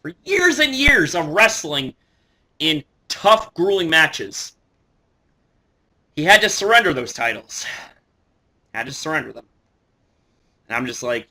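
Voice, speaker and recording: A young man talking excitedly to camera as a wrestling fan, swearing freely and shouting in his most excited moments. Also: a little high, a little slow, pauses often. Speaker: wrestling vlogger.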